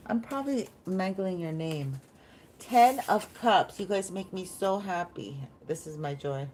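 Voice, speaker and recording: A woman's voice: fairly low pitch, animated, measured pace, darkish tone, slight background noise. A woman giving a chatty, meandering live tarot reading, easily delighted and talking straight to her viewers. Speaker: tarot reader.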